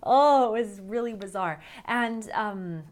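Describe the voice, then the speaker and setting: A woman in her thirties with a North American accent, chatting casually to the camera, animated and laughing often. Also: mid-range voice, takes it slowly. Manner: animated, laughs often, exaggerated quoted voices. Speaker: vlogger.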